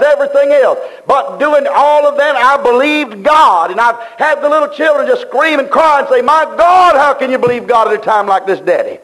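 A man's voice: very high-pitched, a bit bright, rough recording. A man preaching a sermon, fervent and repetitive, in plain-spoken, folksy speech.

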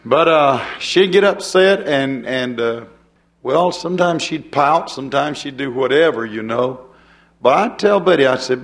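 A man's voice: medium pitch, animated, unhurried. An older man preaching a folksy sermon, chuckling and turning to the congregation with asides.

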